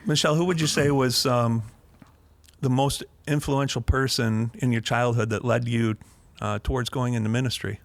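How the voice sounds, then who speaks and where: A man's voice: medium pitch, steady tone, normal speed, vocal fry. A man hosting a podcast, asking guests questions with brief encouraging remarks. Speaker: podcast host. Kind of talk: interviewing.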